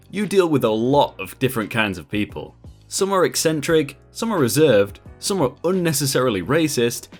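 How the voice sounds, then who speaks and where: A man hosting a channel and reading Reddit stories aloud in a lively, conversational way. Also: medium pitch. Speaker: host.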